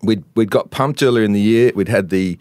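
A man's voice: fairly low pitch, a little fast, a little mellow, no room sound, clean studio sound. An Australian man co-hosting a casual sports talk show, telling anecdotes and laughing often. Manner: laughs often, tells anecdotes with mimicked quotes. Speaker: co-host, former footballer and columnist. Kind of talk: casual podcast banter and storytelling.

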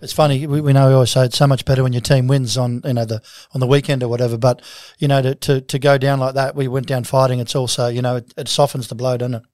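Fast-talking radio co-host man. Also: medium pitch, flat delivery, darkish tone, no room sound, studio quality. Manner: rapid, filler-heavy talk. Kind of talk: casual sports chat.

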